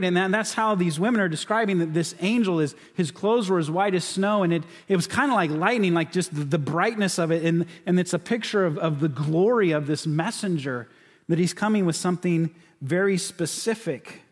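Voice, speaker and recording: A man from California preaching a sermon as pastor, in a conversational way with frequent restarts and repeated words. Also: high voice. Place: church sanctuary. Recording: church sanctuary with long reverb.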